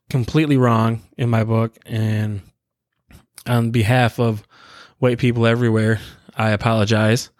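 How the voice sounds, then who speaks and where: A man hosting a casual solo podcast, rambling in a laid-back way and chuckling often while high. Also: darkish tone, dry recording, clean studio sound. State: high on cannabis. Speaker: podcast host. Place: his own room.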